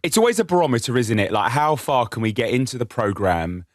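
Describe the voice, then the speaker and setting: A man's voice: medium pitch, lively intonation, fairly quick, dry recording, clean studio sound. A man co-hosting a podcast in casual chat, hesitant and wry, often stumbling over his words. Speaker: podcast co-host.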